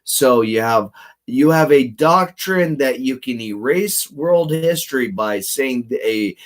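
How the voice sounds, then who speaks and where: A channel host gives rambling solo commentary while reading aloud. He meanders and restarts often, swinging between louder bursts and low mumbles.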